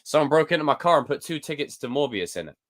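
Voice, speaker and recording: A young British man hosting a casual live stream, reading viewer comments and reacting in a jokey, animated way. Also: on the high side, quick pace. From United Kingdom. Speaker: livestream host.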